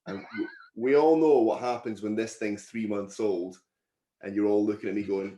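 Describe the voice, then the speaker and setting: A man's voice: fairly low pitch, steady tone, normal speed, dark tone. A man hosting a casual podcast, teasing and joking with his co-hosts. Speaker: podcast host. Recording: echoey room.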